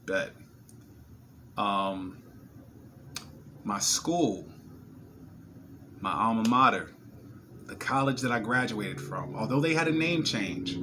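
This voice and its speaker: A young man from New Jersey talking casually to camera in a video diary, slangy and excitable, his voice strained from screaming. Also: on the low side, slow pace, pauses often, noisy background. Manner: excitable, slangy, repeats words when worked up. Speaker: vlogger.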